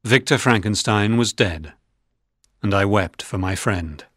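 A man narrating a storybook in a measured, even reading. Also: lowish voice, dry recording, studio quality.

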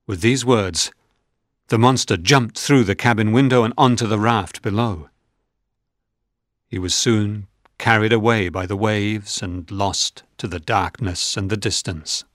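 A man narrating a storybook in a measured, even reading. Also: fairly low pitch, dry recording, studio quality.

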